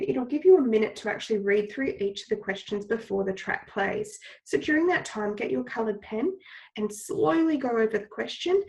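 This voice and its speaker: A woman teacher with a cold gives recorded lesson instructions in a slightly high voice. She is patient and instructive, repeating key steps, and seems to be speaking from a classroom. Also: a little mellow, poor audio. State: has a cold, coughing.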